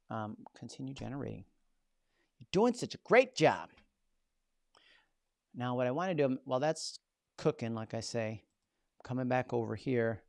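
A man leads a live online lesson in a relaxed, chatty way and tosses jokes to his viewers. His voice is gravelly, mid-pitched and recorded dry and close. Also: no room sound. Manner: casual, chatty, jokey asides to viewers. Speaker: host teaching a live session. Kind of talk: live-streamed tutorial.

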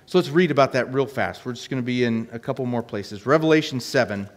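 A man's voice: mid-range voice, quick pace. A man preaching a sermon, earnestly reading scripture aloud between his own remarks. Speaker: pastor. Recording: long hall reverb.

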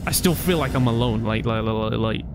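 Man, horror game commentary, jumpy, constant swearing, mid-pitched voice, game music behind. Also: a little fast. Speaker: gamer playing a horror game. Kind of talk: casual gameplay commentary.

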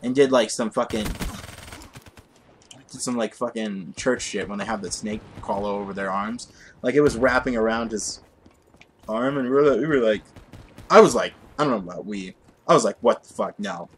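A man's voice: on the low side, moderate pace, pauses often. A young man casually telling a rambling, profane story while commenting on his gameplay. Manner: rambling, profane, easily distracted by the game.

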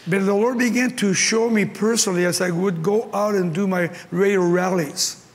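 An older Mexican pastor with a Mexican Spanish accent preaches at a conference in a large hall, his high-pitched voice fairly even in intonation at a moderate pace. He tells stories passionately and acts out the voices he quotes, with long hall reverb and faint ambience.

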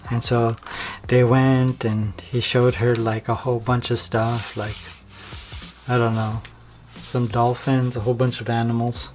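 A man's voice: mid-range voice, level tone, unhurried, darkish tone. A man vlogger telling a story in casual, comic, slangy rambling. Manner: slangy, rambling, full of likes.

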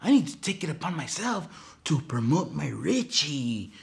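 A man's voice: a little high, big pitch swings, normal speed, vocal fry. A man voicing an insistent, devoted middle-aged mother who fusses and pushes. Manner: insistent, fussing.

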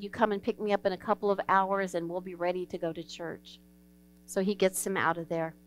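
Woman pastor giving a sermon, smooth clear voice, folksy storytelling, low hum behind. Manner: earnest, folksy storytelling, acts out quoted dialogue. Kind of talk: sermon with told stories. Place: church sanctuary.

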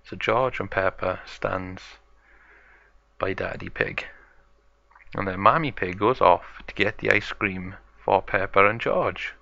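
A man narrating an improvised toy-play story in slow, simple words. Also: low-pitched, steady tone, vocal fry, pushed and bright, dry recording. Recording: dull lo-fi home recording.

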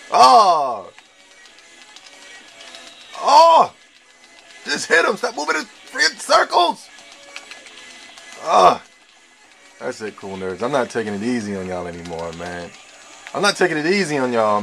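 Gravelly excitable young gamer man. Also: medium pitch. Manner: excitable trash talk with slang, shouts and laughs. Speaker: gamer playing online. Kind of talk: live gameplay commentary.

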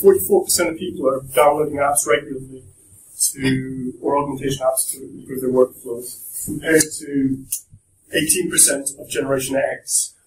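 A man's voice: mid-range voice, steady tone, moderate pace, a little hiss or hum. Young male guest speaker, chatty and jokey, echoey room, heard from a distance. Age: young adult. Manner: chatty, joking, with restarts. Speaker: guest speaker at a university talk. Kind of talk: casual presentation to students. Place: lecture room.

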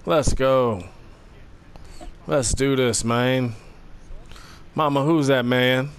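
A young man giving casual, slangy, excitable commentary over a basketball video game, trash-talking the players. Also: mid-range voice, very slow, clear, resonant tone. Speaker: gaming commentator.

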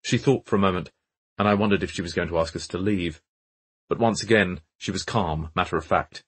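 Man narrating mystery audiobook, deep rough voice. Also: brisk, a bit bright. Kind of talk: scripted narration.

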